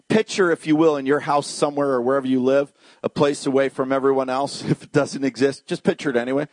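A male pastor preaching a sermon straight to the congregation, jumping from excited shouted peaks to soft hushed moments. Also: fast talker, no room sound. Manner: animated preaching, swings from shouted highs to hushed lows; direct address to congregation.

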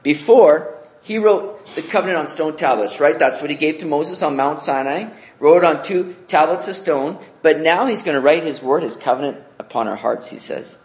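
A man preaching a sermon in an animated way, calling his listeners "guys" and swinging between loud emphasis and soft asides. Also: a little high. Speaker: pastor.

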